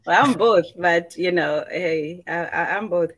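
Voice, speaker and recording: A woman from Kenya joining a casual discussion, playful and quick to laugh. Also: on the low side, no echo, rough recording.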